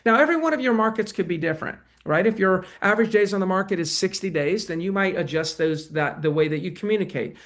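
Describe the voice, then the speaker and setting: A man's voice: high voice, fast, hardly any pauses, a bit bright. A man coaching real estate agents in a webinar, talking conversationally and acting out sales calls. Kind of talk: webinar presentation and Q&A.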